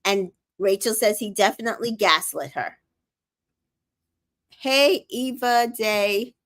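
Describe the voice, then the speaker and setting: A woman's voice: medium pitch, lively intonation, slow pace, a bit bright. A woman hosting a casual show recap, reading viewer comments aloud and giving sassy, opinionated reactions.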